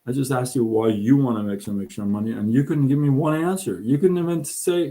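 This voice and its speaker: This middle-aged man hosts a live show on earning extra income. His voice is warm and mid-range, a little fast with few pauses. He's direct and emphatic, acting out quotes and stumbling on words at times as he motivates his audience.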